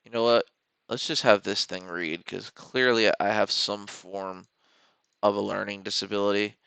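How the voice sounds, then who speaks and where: Male trading streamer, casual joking rambler; crisp, gravelly tone. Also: fairly low pitch, fairly even intonation, normal speed, a bit bright, dry recording. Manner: joking, rambling, talks to the chart. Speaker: stock trading livestream host.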